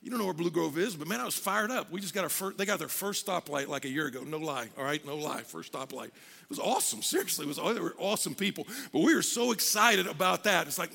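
High, gravelly preaching man in a hall. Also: fast. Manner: energetic, conversational preaching with acted-out prayers. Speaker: pastor. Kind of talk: sermon. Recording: long reverb of a hall.

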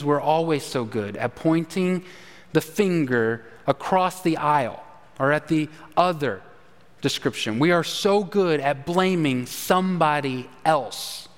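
A man's voice: a little high, in a large hall. A man preaching a sermon with emphasis, asking his congregation questions. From Texas. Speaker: pastor.

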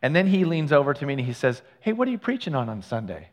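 A man preaching as a pastor in a relaxed, conversational way, telling personal stories with asides and self-corrections. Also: on the high side, fast talker, big-room sound. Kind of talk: sermon. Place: church sanctuary.

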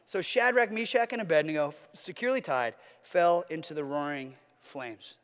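A man's voice: fairly high pitch, moderate pace, a bit bright, clear, resonant tone, big-room sound. A man preaching a sermon as a pastor, earnest, with a repetitive, building cadence.

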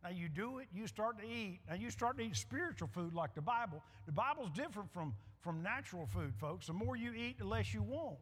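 With a high, fairly bright voice edged with breath, a middle-aged pastor preaches briskly and animatedly, barely pausing. He drives his points emphatically, repeating lines and drawing responses from the congregation in a reverberant hall.

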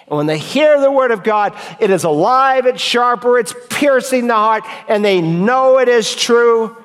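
A pastor giving an emphatic sermon, his voice swinging between loud high calls and low quiet lines. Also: normal speed, smooth. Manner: emphatic preaching with sharp swings in pitch and loudness. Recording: long hall reverb.

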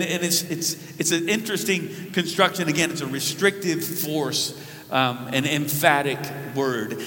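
Male pastor, high bright voice, earnest emphatic sermon delivery, recorded in a reverberant church hall. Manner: earnest, emphatic preaching with repeated restarts. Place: church sanctuary. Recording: preached in a large hall with long reverb.

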